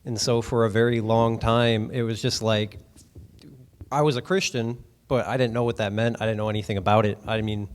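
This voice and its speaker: A man telling his personal faith story in an interview, speaking softly and hesitantly. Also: lowish voice, little pitch movement, fairly quick.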